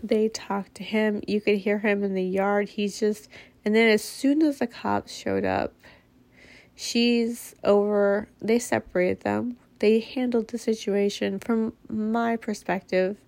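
A woman's voice: medium pitch, slow pace, creaky, a little mellow, no echo. A mother telling a personal story in a casual, candid way. She speaks bluntly and swears freely.

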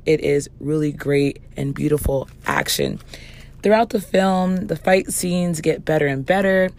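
Hoarse woman with a low voice. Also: a little mellow. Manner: chatty, with fillers and restarts. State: hoarse, losing her voice. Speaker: podcast host. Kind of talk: casual podcast movie review.

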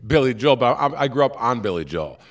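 A man's voice: mid-range voice, very animated, brisk. A man hosting a live podcast in a theater, rambling and self-deprecating, with many restarts. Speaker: podcast host. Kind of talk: casual live podcast chat.

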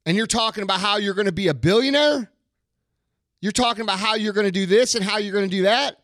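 Male host ranting into the mic, profane and blunt, high bright voice, dry sound. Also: fairly quick, no echo. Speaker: podcast host. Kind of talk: ranting monologue.

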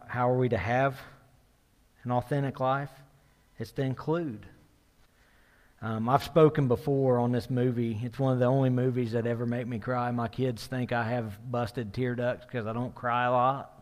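A middle-aged man preaching a sermon as pastor, talking conversationally, often checking in with the room, his voice building as he retells a story. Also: medium pitch. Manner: conversational, asks the room "right?", builds in intensity while retelling. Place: church sanctuary. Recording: long hall reverb.

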